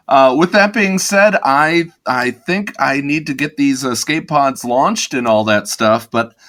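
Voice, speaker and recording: A male podcast co-host in easygoing chat, cheerful and prone to laughter. He restarts phrases as he goes, with a voice of ordinary pitch for a man. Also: a bit bright. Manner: upbeat, laughs often, halting restarts.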